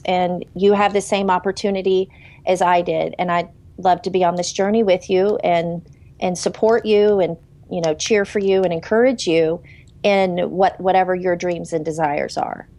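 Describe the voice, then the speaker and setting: A woman's voice: on the low side, fairly even intonation, moderate pace, warm tone. Earnest motivational woman on a video call. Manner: earnest, rambling restarts, motivational. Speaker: sales consultant, panelist. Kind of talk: casual testimonial chat.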